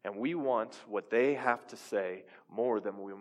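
A man's voice: fairly low pitch, a little slow. A young adult man preaching a sermon in a conversational style, asking his listeners questions. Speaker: pastor. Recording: reverberant hall.

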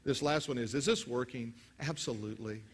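Preaching to his congregation, this pastor alternates forceful, loud passages with quiet, murmured prayer and has the church pray aloud with him. His pace is fairly quick, and background noise can be heard.

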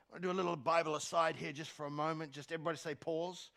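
A man preaching a sermon on a church stage, moving from soft asides to loud exhortation and often repeating words as he starts a phrase. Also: a little high, steady tone, racing, vocal fry. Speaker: pastor.

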